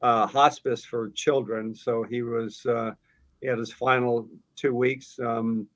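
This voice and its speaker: A man's voice: mid-range voice, fairly even intonation, takes it slowly, a bit bright, rough recording. Earnest middle-aged man as interview guest. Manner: earnest, plain-spoken, reflective. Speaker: guest, financial advisor. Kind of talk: conversational interview.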